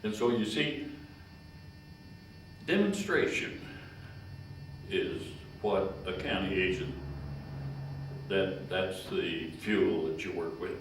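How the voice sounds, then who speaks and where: A man's voice: deep voice, slight background noise. A man, a retired county agent telling long, folksy stories with a chuckle. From Kentucky. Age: 90s. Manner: slow, folksy, chuckling storyteller. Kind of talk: rambling personal storytelling. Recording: echoey room, distant mic.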